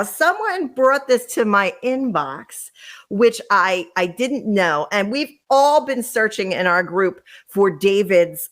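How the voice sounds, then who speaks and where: A woman's voice: medium pitch, fairly bright tone. A woman hosting a podcast, chatting casually and sarcastically as she gossips about reality TV and talks to her live chat. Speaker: podcast host.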